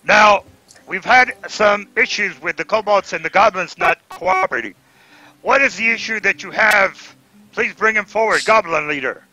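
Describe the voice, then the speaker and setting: A man's voice: high-pitched, big pitch swings, normal speed, pitched above the performer's own voice, exaggerated voice, rough recording. A man voicing pompous orc and goblin leaders in a raised, formal way. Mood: commanding. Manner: raised, loud, formal speech.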